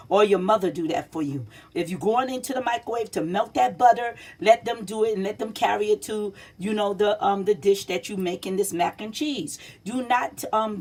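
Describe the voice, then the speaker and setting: A woman's voice: medium pitch, slightly rough. A woman giving a casual cooking demonstration in a home kitchen. She talks in a chatty, repetitive, teacherly way, keeps checking in with her listeners, and speaks directly to kids and teens. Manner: chatty and repetitive, checks in with "see?" and "all right?". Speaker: home cook.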